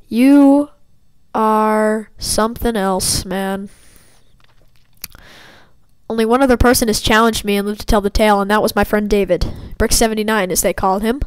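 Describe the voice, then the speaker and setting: A woman's voice: medium pitch, fairly even intonation, fast talker, smooth, dry recording, poor audio. A woman giving casual gaming commentary as she plays, trash-talking her opponents playfully. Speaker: gameplay commentator.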